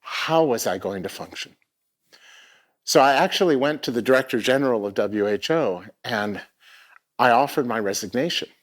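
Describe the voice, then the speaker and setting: A man's voice: mid-range voice, animated, moderate pace. Middle-aged male speaker, reflective storytelling talk, hesitant restarts, live theatre stage. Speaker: keynote speaker.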